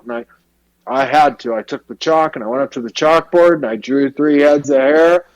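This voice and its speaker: A man telling stories in an interview, animated and casual with lots of slang. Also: medium pitch, normal speed, poor audio. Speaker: hairstylist guest. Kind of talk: storytelling interview.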